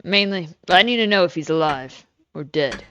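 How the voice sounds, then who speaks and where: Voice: medium pitch, animated, normal speed, bright, forceful tone, slight background noise. A streamer voicing a polite, formal male private investigator from the city. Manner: formal and courteous. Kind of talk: voicing a game character while co-streaming.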